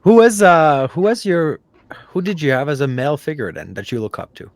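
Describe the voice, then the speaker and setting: A man's voice: on the high side, expressive, a little fast. A man co-hosting a podcast, casually explaining things in a matter-of-fact way. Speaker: podcast co-host. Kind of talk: casual interview chat.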